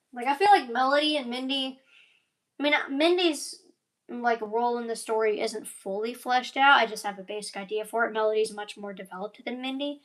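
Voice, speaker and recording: A woman's voice: on the high side, normal speed. A young woman chatting casually in a rambling vlog, full of fillers and side tangents, yawning now and then. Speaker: animator and voice actor.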